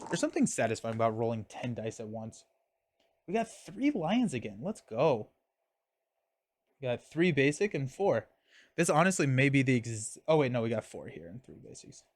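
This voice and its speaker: A man's voice: mid-range voice, very animated, moderate pace, no room sound. A young man casually streaming a card game, talking through his moves and chatting with viewers. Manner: chatty, reads chat and thanks viewers mid-game.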